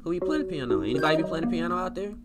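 Young male streamer, lively swooping delivery, mid-range voice, loud guitar game music underneath. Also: on the high side, very fast. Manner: animated, slangy reactions, sudden loud outbursts. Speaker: gaming streamer. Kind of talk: live game commentary. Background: loud game music with plucked guitar.

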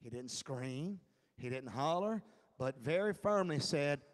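A man pastor teaching an adult Bible class in a sermon style. He is emphatic, chuckles often, and swings between hushed and near-shouted delivery. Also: on the high side, expressive, measured pace, long reverb tail. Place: church classroom.

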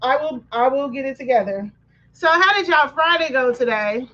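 High-voiced woman hosting a livestream. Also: animated, moderate pace, pushed and bright. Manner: chatty, greets viewers by name, apologetic about running late. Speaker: livestream craft host. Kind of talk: casual livestream chat. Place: home office. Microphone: computer mic on livestream. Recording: dull lo-fi stream audio.

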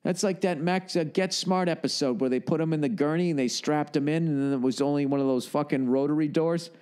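A man hosting his own show, riffing through a loose comedic monologue full of swearing and tangents. His voice sits a bit high, and the delivery is casual and rambling. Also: a little fast, darkish tone, clear, resonant tone. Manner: rambling, profane, rants. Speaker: podcast host.

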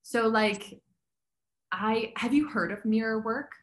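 A woman's voice: a little high, takes it slowly, roomy sound. A woman talking as a health coach guest in a casual interview, chatty and upbeat, with many fillers.

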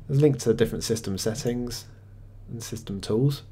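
Here a man, a tech reviewer, talks through a screencast of a software review at his desktop mic. He sounds conversational and matter-of-fact, with a husky mid-range voice and the odd small hesitation.

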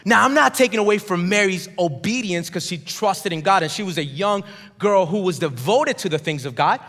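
A man's voice: high voice, animated, moderate pace, a bit bright. A man preaching a sermon as pastor, emphatic and building, calling on the congregation to repeat words back to him. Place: large church auditorium. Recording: long hall reverb.

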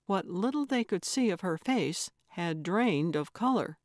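A woman narrating a cozy mystery audiobook in a measured, unhurried reading. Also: lowish voice, animated, darkish tone, dry recording, clean studio sound. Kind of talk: scripted narration.

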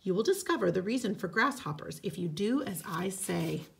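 A woman voicing a wise, commanding male spirit in a storybook read-aloud, calm and instructing. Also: medium pitch, normal speed, vocal fry, a little hiss or hum.

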